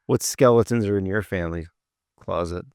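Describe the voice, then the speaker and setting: A man co-hosting a podcast with a low, gravelly voice. He rambles casually through his thoughts with plenty of fillers and restarts, and the recording is close and dry. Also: brisk, a little mellow, dry recording. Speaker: podcast co-host. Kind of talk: casual chat.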